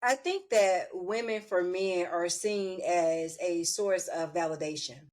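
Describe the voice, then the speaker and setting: A woman's voice: on the low side, slow, darkish tone. A woman hosting a podcast interview, blunt and opinionated. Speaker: podcast host.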